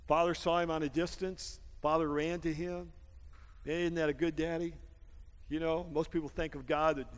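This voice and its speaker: A man preaching a sermon as pastor, exhorting his congregation with frequent amens and call-and-response. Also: on the high side. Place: church sanctuary during a service. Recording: long hall reverb with music behind.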